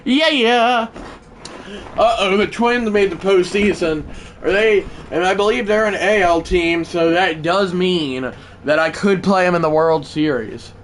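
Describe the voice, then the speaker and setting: Excitable male streamer, slightly high voice, muttered asides breaking into shouted home-run calls. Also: measured pace, slight background noise. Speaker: gaming livestreamer. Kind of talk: live gameplay commentary.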